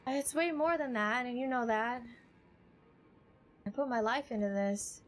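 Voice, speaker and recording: A woman live-streaming a video game, chatting with her viewers, rambling and emotional, then excitable during play. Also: fairly high pitch, measured pace. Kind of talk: live gameplay stream chat. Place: home streaming setup.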